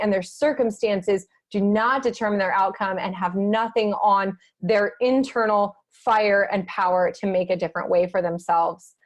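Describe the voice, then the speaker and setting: A woman hosting a podcast interview, enthusiastic and casual, swearing freely. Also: medium pitch. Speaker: podcast host.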